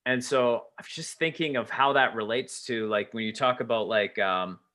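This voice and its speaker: A man talks in a bright, forward voice at a middle pitch. He rambles through his thoughts in an easygoing chat and leans heavily on filler words. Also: normal speed. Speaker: podcast co-host, former teacher. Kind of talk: casual conversation.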